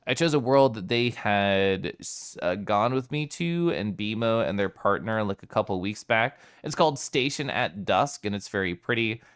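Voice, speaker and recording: A man's voice: on the low side, animated, normal speed, hardly any pauses, a bit bright, clear, resonant tone. A man streaming live, chatting casually with his viewers, playful and giggly as he greets them by name.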